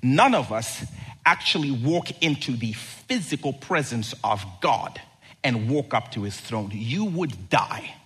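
A man's voice: mid-range voice, very animated, a little slow, a bit bright, husky. A man preaching a sermon at a church service in a conversational style with joking asides. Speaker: pastor.

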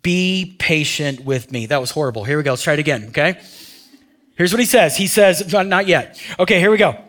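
A man preaching a sermon with a voice pitched a little above the usual. He talks to his listeners conversationally and keeps asking them questions. On the key phrases he drops down to a near hush. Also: fast. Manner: conversational, asks the audience questions. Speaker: pastor.

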